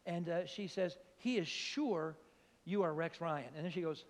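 An older man preaches in a church, spinning a funny story and throwing himself into every voice. His voice sits high, and a long reverb trails after him. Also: moderate pace. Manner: animated comic storytelling, acts out voices. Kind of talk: storytelling sermon.

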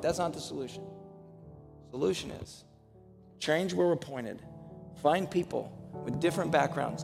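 A man's voice: fairly high pitch, creaky, long reverb tail. A man preaching a sermon as pastor to his church, telling a story and rising into passionate, urgent preaching. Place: church sanctuary.

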